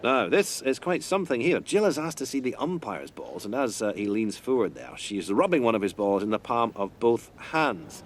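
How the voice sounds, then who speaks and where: Male commentator, prim and flustered, mid pitch. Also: big pitch swings, moderate pace, hardly any pauses, slight background noise. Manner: stuffy, flustered, apologetic. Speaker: sports commentator. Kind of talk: comic mock sports commentary.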